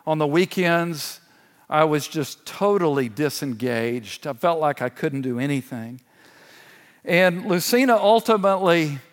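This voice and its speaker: A man's voice: on the high side, fairly bright tone. A man in his sixties, a church elder, giving a sermon as an earnest personal testimony with touches of laughter. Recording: long hall reverb.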